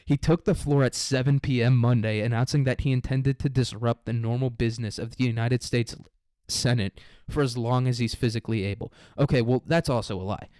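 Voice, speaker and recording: A man's voice: mid-range voice, fairly even intonation, brisk, a little mellow, no room sound. A young man giving casual, sarcastic news commentary, swearing constantly and riffing irreverently.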